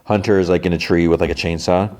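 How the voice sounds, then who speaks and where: A deep-voiced man hosting a podcast, recapping an episode in a relaxed, casual way. He rambles through the retelling with plenty of fillers. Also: fast talker. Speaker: podcast host.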